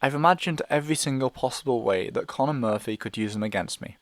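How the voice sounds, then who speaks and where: A man's voice: mid-range voice, fast talker, no room sound. Man narrating an anxious first-person story. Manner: anxious, hesitant inner monologue. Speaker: audiobook reader.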